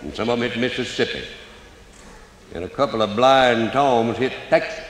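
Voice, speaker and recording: A man's voice: mid-range voice, moderate pace, heavy background noise. An older man with a Cajun accent, telling folksy stories on stage in a drawling dialect with broken grammar. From Louisiana. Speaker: storyteller. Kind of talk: live comedy storytelling. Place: stage before a live audience. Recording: roomy hall, faint audience ambience.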